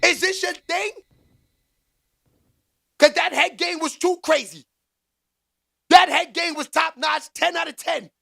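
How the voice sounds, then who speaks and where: A man hosts a casual live stream, answering his chat in slangy street talk. His voice sits high and carries a gravelly rasp. He keeps it animated, jumping into loud exclaims. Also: takes it slowly, pauses often. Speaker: livestream commentary host.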